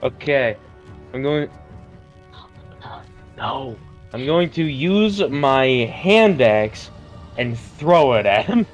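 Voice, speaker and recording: A man playing a tabletop game, talking casually and working out his moves aloud with hesitant fillers. His voice is mid-pitched, with faint music behind him. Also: sing-song, very slow, long pauses. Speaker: player.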